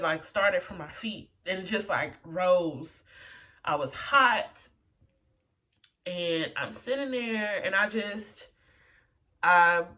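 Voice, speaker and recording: A woman's voice: lowish voice, a bit bright. A woman telling a personal story in a casual way, full of "like" and "you know" fillers. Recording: voice a bit far from the mic.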